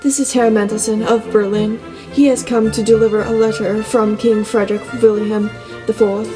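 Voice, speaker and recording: A woman's voice: medium pitch, level tone, moderate pace, lightly acted. A woman voicing a fickle, disdainful male palace servant who speaks formally. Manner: formal, sneering. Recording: long reverb, soft music beneath.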